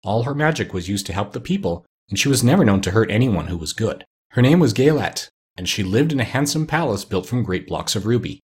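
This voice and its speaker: A man's voice: on the low side, expressive, a little fast, hardly any pauses, breathy edge. A man voicing the proud king of the winged monkeys, telling a long tale in a storybook reading. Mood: storytelling.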